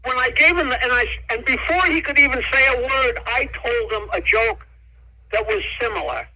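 A man telling jokes as a comedian guest on an interview, an animated storyteller who laughs at his own jokes. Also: extremely high pitch, normal speed, low-quality recording.

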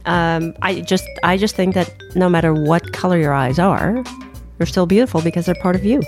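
A woman's voice: fairly low pitch, moderate pace, soft background music. A woman co-hosting a casual chat with her wife, goofy and giggly, in a punchy mood. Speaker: podcast co-host.

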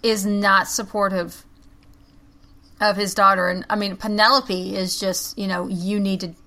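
Bright-voiced woman podcast co-host. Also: medium pitch, level tone, measured pace, rough recording. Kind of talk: casual chat reviewing a TV series.

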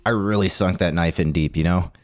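A man's voice: low voice, steady tone, brisk, slight background noise. A man co-hosting a casual podcast, joking and telling things animatedly with frequent laughs. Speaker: podcast co-host. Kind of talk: casual chat.

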